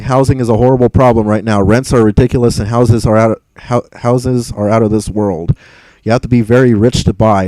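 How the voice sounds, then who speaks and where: A man's voice: medium pitch, dark tone, no echo, poor audio. A young man hosting a casual livestream, reading viewer comments aloud in a rambling, exasperated way, swearing and laughing often. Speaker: livestream host reading chat.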